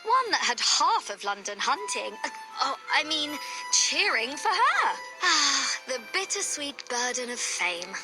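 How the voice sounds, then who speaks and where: A woman's voice: sits high, big pitch swings, unhurried, music in the background, poor audio. A woman voicing a playful, boastful young female pirate celebrity in a game, teasing and swaggering.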